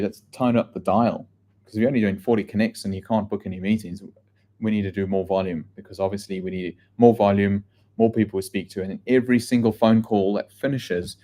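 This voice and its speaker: A middle-aged man giving a live real estate training session, blunt and energetic, swearing casually and often restarting his sentences. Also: lowish voice. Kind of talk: live training session answering viewer questions.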